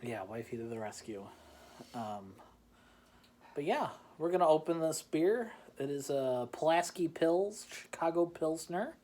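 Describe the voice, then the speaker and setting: A man's voice: fairly high pitch, expressive, a little slow, dark tone. A man hosting a casual beer-tasting chat from home. He rambles, pokes fun at himself and laughs often. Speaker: host. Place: home in the Chicagoland area.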